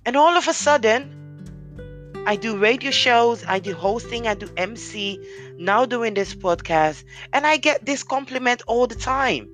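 A podcast host with a deep, commanding voice, giving an earnest, encouraging motivational talk straight to listeners. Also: lively intonation, a little slow, a bit bright, faint music behind.

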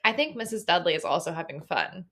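Woman on a book podcast, bright sharp voice, reads aloud with feeling, laughs a lot. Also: on the low side, fast talker. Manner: expressive, laughs often. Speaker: podcast co-host and reader. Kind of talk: reading aloud and casual book chat.

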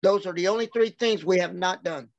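A man's voice: high-pitched, a little fast, no echo. Brief: male wrestler, rambling anecdotal storyteller, salty language, dry, muffled podcast sound. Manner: rambling anecdotes, acts out quoted dialogue, swears freely. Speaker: professional wrestler.

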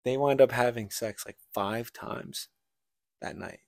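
A man's voice: medium pitch, takes it slowly, creaky, a little mellow, dry recording, clean studio sound. A man co-hosting a casual podcast, retelling a book plot in a rambling way and acting out the characters' lines. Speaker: podcast co-host.

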